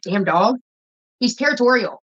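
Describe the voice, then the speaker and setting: A woman's voice: a little high, expressive, normal speed, fairly bright tone. A woman, ranting casually to her viewers in a blunt, profane, rambling way. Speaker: vlogger. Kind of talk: casual rant to camera. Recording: dull lo-fi phone audio.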